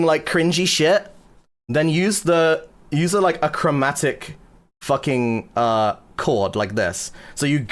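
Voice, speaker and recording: In his casual livestream, a man whose voice sits high with a fairly bright tone explains chords while teaching music production. His delivery is jokey and crude, thick with swear words and fillers.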